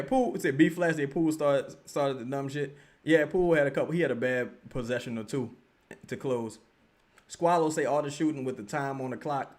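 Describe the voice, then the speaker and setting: A man hosting a live watch-along stream, giving excitable, slangy commentary and yelling at his team. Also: mid-range voice. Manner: excitable, yells at the team, slangy trash talk. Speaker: livestream host.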